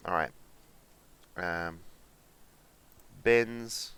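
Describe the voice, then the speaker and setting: Bright, clear-voiced man streaming a game. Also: deep voice, slow pace, pauses often. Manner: chatty, jokey, reads out chat and swears. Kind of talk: casual gameplay commentary.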